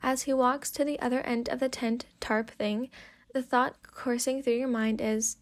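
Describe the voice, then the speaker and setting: A woman softly reading a second-person story in a sleepy whispered role-play. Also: a little high, steady tone, normal speed. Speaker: fanfic reader.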